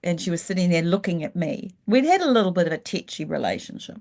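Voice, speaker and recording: Speaking as a guest in an informal interview, a New Zealand woman who works as a leadership coach recounts her experiences candidly. Her low voice is expressive and slightly mellow, and she turns frank and thoughtful, slowing when recalling the past.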